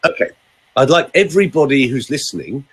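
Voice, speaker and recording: A man's voice: medium pitch, sing-song, a little fast, a bit bright, husky. An older man, a vocal coach talking in a theatrical, teasing way on a podcast. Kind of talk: casual podcast chat with voice demonstrations.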